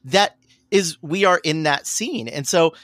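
Halting male podcast host, dry sound. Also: a little high, a bit bright, no room sound. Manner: halting, restarts with many fillers. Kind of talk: casual interview chat.

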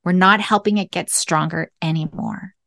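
A woman's voice: lowish voice, fairly even intonation, normal speed, gravelly, fairly bright tone, no room sound, clean studio sound. A woman hosting a parenting podcast, explaining in an earnest way and often checking in with "right?" and "okay?". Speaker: podcast host.

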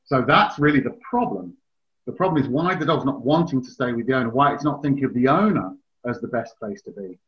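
A man's voice: medium pitch, lively intonation, fairly quick. Chatty man giving dog advice. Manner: chatty, explains at length. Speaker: dog trainer, podcast host. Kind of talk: casual advice chat. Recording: slightly dull, lo-fi sound.

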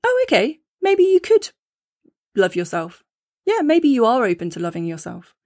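A woman's voice: fairly high pitch, wildly swooping pitch, normal speed, a little mellow, voice pushed up, full character voice. A woman voicing a listener's hesitant inner voice, chirpy and uncertain, while teaching on a podcast. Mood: tentative.

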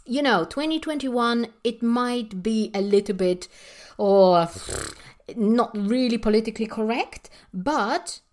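A woman's voice: a little high, takes it slowly, darkish tone. A woman with a Polish accent, an English teacher trainer, ranting passionately on a solo podcast with emphatic rhetorical questions. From Poland.

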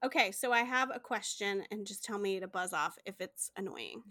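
A woman's voice: medium pitch, normal speed, bright, forceful tone, no echo, studio quality. A woman in her thirties co-hosting a casual chat, playful and self-deprecating as she asks questions. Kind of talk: casual podcast conversation.

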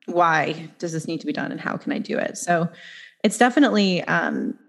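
Podcast host: a woman in her thirties, chatty and animated, laughs easily as she tells stories. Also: lowish voice, moderate pace. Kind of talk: casual podcast conversation.

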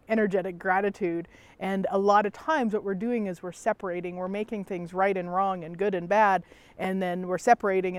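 A middle-aged woman talks in a gentle, unhurried way, circling back to the same phrases. Her pitch sits in an ordinary middle range, and now and then a soft sigh slips between her thoughts. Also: dry recording. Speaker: self-help host. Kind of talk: reflective personal talk.

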